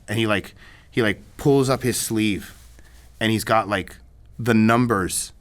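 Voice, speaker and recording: Rambling man, low voice. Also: steady tone, a little slow. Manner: rambling, many restarts and "you know what I mean". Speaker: filmmaker guest. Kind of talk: casual storytelling in an interview.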